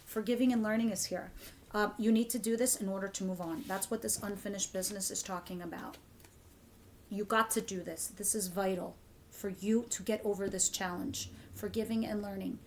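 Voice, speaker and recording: A woman giving a casual tarot reading straight to her viewers, animated, cursing freely and often repeating herself. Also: mid-range voice, fairly quick, slight background noise. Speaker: tarot reader.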